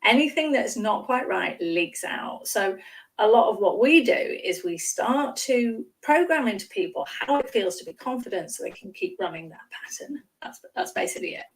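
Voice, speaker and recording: Lively high-voiced woman, slightly distant mic. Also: moderate pace. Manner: lively, acts out examples with exclamations. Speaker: guest speaking coach. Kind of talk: casual chat on a live stream. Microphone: video call.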